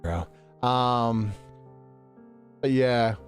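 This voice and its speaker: A man chatting casually with viewers after a game stream, laughing often, thinking out loud and swearing now and then. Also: mid-range voice, drawn-out words. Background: faint background music.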